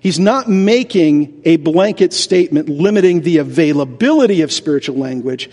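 Casting: male pastor, high voice, animated sermon delivery, rhetorical, long church reverb. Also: moderate pace. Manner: animated, rhetorical questions, acts out doubters. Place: church sanctuary. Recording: reverberant large hall.

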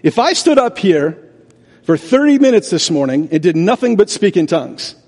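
High-voiced pastor preaching in a hall. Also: male voice, normal speed. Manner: animated, rhetorical questions, acts out doubters. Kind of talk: sermon. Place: church sanctuary. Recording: reverberant large hall.

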